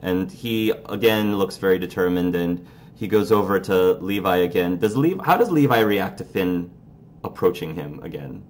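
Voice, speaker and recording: A man narrating as game master of a tabletop role-playing game, relaxed and halting, with many fillers. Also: low-pitched.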